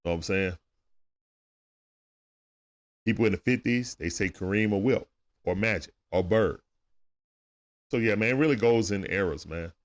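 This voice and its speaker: A man with a lowish voice gives loose, chatty play-by-play on a livestream, talking back to players and viewers. He's a livestream game commentator keeping a moderate pace with long pauses.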